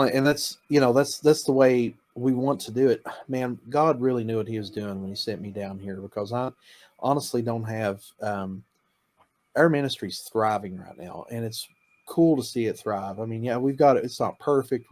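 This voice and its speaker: A man with a somewhat low voice talks about his ministry work in a casual interview. He is enthusiastic and upbeat, laughing often and slipping into the voices of the students he describes. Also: normal speed, a little mellow. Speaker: campus missionary.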